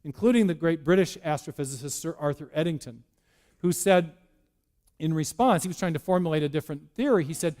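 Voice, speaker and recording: A man's voice: fairly high pitch, a little fast, darkish tone. A man giving a public lecture, explaining step by step with frequent restarts and repeated words.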